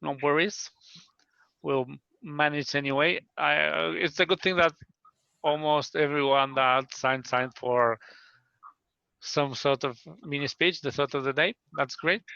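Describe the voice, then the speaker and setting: A man's voice: a little high, vocal fry, bright, forceful tone, clean tone, dry recording. A man hosting an online speaking club meeting, chatty and self-deprecating, talking over a computer mic on a call. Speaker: meeting host. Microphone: computer mic on video call. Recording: dry, slightly dull call audio.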